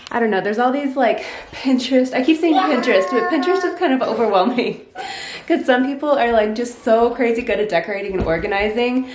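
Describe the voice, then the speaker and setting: A woman's voice: mid-range voice, echoey room, noisy background. A young woman chatting casually as a mom vlogger, upbeat and full of fillers like "um" and "like". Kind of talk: casual home vlog narration. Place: home nursery and kitchen.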